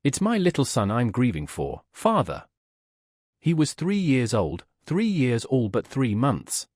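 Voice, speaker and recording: A man reading the part of a grieving middle-aged peasant woman who speaks in a slow, sing-song, pleading lament. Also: mid-range voice, huge pitch swings, darkish tone, slightly rough, dry recording, clean studio sound, exaggerated voice.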